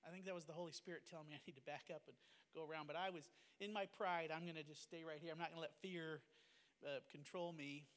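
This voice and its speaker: A man with a high-pitched voice recounts a personal testimony as a pastor and missionary. He speaks earnestly, fervently and with plain emotion. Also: steady tone, fast talker, fairly bright tone, big-room sound. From United States.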